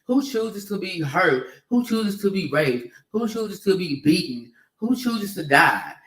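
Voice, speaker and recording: Male commentator, heated and profane, slightly high voice, off-mic echoey room. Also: big pitch swings, unhurried, a bit bright, far from the mic. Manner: heated, emphatic, profane, repetitive. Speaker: video commentator. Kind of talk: ranting opinion vlog.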